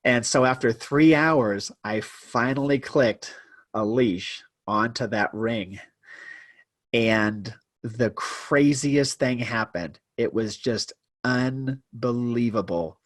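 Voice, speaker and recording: A man telling a personal story as a podcast guest, animated and self-deprecating, shifting his pace for effect. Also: mid-range voice, takes it slowly, no echo, studio quality. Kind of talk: casual storytelling interview.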